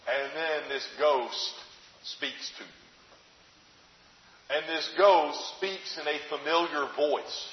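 Man, sermon, fairly high voice, conversational preacher, long hall reverb, dull lo-fi sound. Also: slow, pauses often. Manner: conversational, rhetorical questions, animated retelling.

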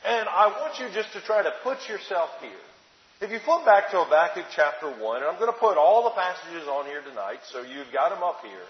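Male preacher, high pitched, dramatic, muffled roomy church sound. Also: lively intonation, a little fast. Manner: dramatic scripture reading, rhetorical questions. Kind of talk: sermon. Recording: dull echoey hall recording.

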